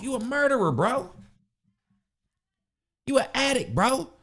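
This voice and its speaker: A man's voice: very high voice, sing-song, a little slow, long pauses, a bit bright. A man hosting a podcast, giving a casual motivational rant in a blunt, preachy, slangy way, repeating himself and acting out other people in quoted voices. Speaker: podcast host.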